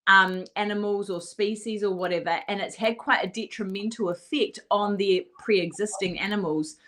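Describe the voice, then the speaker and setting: A woman's voice: mid-range voice, moderate pace, a bit bright. A middle-aged woman co-hosting a podcast, chatting casually and rambling with lots of fillers. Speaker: podcast co-host. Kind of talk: casual chat.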